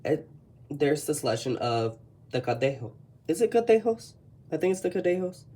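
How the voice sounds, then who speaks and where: Mellow-voiced Texan, rambling casual chat. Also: medium pitch, animated, moderate pace, husky. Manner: rambling, self-correcting, chatty. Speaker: artist showing a sketchbook. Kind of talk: casual commentary.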